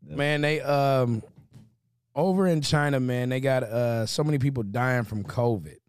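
A young man co-hosting a podcast, telling stories in loose casual banter and slipping into quick impressions. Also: medium pitch, smooth, dry recording, clean studio sound. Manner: loose storytelling, jumps into impressions. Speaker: podcast co-host.

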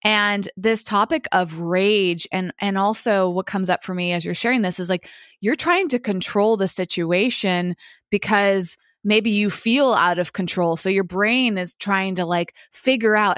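A woman co-hosting a podcast who talks in a curious, supportive way and asks gentle follow-up questions. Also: medium pitch, unhurried, dry recording, studio quality. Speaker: podcast co-host. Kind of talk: conversational chat.

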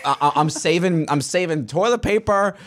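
A comedian from Staten Island chatting casually as a podcast guest, joking in a wry, animated way. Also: male voice, a little high, normal speed, slight background noise. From Staten Island, New York. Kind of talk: casual chat.

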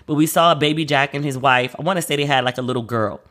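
A man at a middle pitch hosting a casual solo podcast. He talks in a loose, slangy way and slips into quick voices whenever he quotes somebody. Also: a bit bright. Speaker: podcast host.

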